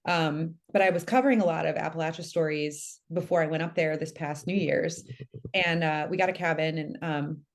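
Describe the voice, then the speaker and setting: A woman's voice: low-pitched, moderate pace, a little hiss or hum. A woman guest telling a spooky personal story in casual conversation, chatty with lots of fillers. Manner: animated storytelling with many fillers. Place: lives in Tennessee.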